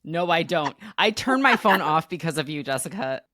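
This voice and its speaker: A woman's voice: deep voice, animated, normal speed, bright, forceful tone, no room sound, studio quality. A woman co-hosting a casual podcast chat, bubbly and laughing often. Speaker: co-host.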